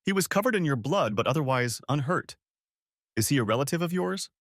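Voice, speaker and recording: A man voicing a calm male hospital doctor who speaks in a matter-of-fact way. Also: a little high, a little fast, no echo, clean studio sound, pitched above the performer's own voice.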